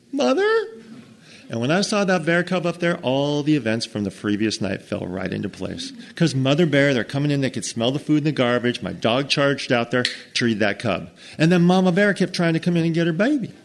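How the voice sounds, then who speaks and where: An American man spins a comic outdoor tale for a crowd, acting out each character and noise. His pitch rises and falls widely, which keeps the telling lively and expressive. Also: fairly quick, creaky, hardly any pauses. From United States. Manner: animated, acts out every character and sound. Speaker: storyteller. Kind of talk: comic campfire storytelling to an audience.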